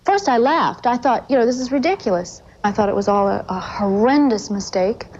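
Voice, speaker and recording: Woman interviewee, earnest and halting, dull lo-fi 1980s TV sound. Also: medium pitch, background noise. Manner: halting, earnest, with frequent restarts. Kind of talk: emotional recollection in a TV interview.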